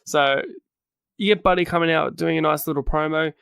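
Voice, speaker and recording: Higher-voiced Australian guy, dry sound. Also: steady tone, fairly quick, gravelly, fairly bright tone, clear, resonant tone, no echo. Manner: rambling, corrects himself mid-sentence. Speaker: podcast co-host. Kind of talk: casual wrestling recap chat.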